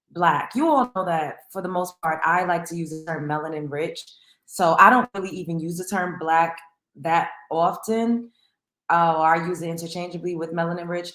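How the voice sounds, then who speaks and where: A woman's voice: deep voice, fairly bright tone, reverberant. A woman hosting a casual livestream, talking chattily to her viewers. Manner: chatty, greets viewers by name. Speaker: livestream host.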